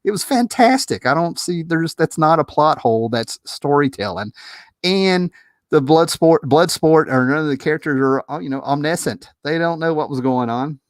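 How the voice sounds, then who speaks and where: A man hosting a casual movie commentary video, talking in an animated, exasperated, rambling way with frequent restarts and laughs. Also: a little high, normal speed, no echo, clean studio sound.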